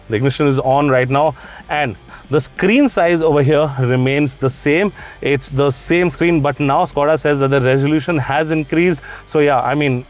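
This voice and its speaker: A man reviewing a car on the spot, chatty, pointing out details with frequent fillers. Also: a little high. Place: at a parked car, on site.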